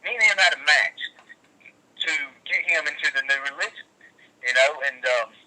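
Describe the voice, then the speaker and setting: A man tells stories as an interview guest. His voice is fairly high and strikingly sharp and bright. He rambles, swears freely and gets animated as he goes. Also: rough recording. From West Virginia. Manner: profane, rambling, animated storyteller. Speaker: guest, wrestler. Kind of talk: casual interview storytelling.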